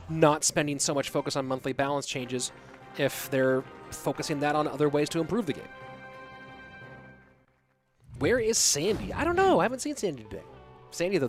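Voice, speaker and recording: A man with a slightly high voice hosts a live game stream, casually reading the chat and commenting on matches as they go. Soft music plays faintly behind him. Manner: casual, chatty, answers viewer questions. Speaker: esports caster and stream host.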